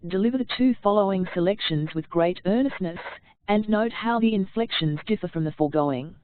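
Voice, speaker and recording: A woman narrating an audiobook on public speaking, reading in a measured, deliberate way. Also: medium pitch, expressive, dry recording. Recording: tinny phone-like dry sound.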